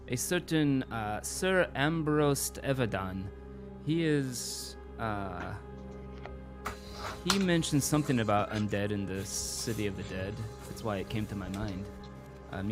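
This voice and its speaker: A man's voice: mid-range voice, expressive, normal speed, over music, natural voice. A man doing a hesitant European-accented informant. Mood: helpful. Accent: vague generic European. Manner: hesitant, courteous, full of ums. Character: helpful male city informant and tracker. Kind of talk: tabletop role-play in character.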